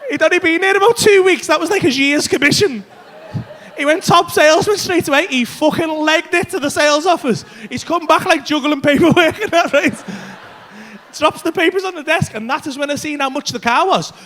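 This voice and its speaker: Male comic, high voice, brash sweary storyteller, live club set. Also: fairly quick, bright, forceful tone. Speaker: stand-up comedian. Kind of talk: stand-up comedy set. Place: comedy club stage.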